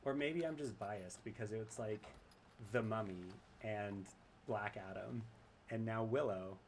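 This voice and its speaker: A man's voice: fairly low pitch, measured pace, slight background noise. A man casually commenting on his gameplay and reading chat aloud, chatty and rambling and often laughing. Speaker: streamer.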